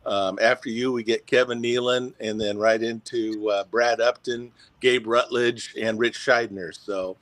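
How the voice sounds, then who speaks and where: A man's voice: mid-range voice, fairly even intonation, a bit bright, no room sound. Effusive male host, dry close sound. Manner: effusive, fills pauses with "uh" and "um". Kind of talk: casual chat.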